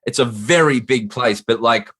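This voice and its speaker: A man's voice: medium pitch, moderate pace, sharp tone, husky. A man from Australia, a guest from a comedy group, talking loosely and thoughtfully in casual chat.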